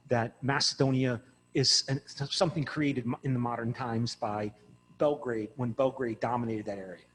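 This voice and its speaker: A man giving an informal university lecture in an animated, rambling way, often breaking off mid-word. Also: mid-range voice, long reverb tail, a little hiss or hum. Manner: animated, rambling, self-interrupting. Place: classroom.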